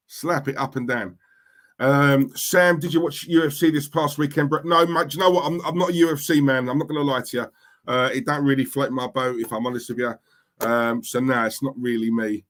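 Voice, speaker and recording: A young man from East London with a Cockney accent and medium pitch hosts a casual livestream, chatting as he reads out comments from chat. He's blunt and tends to repeat himself.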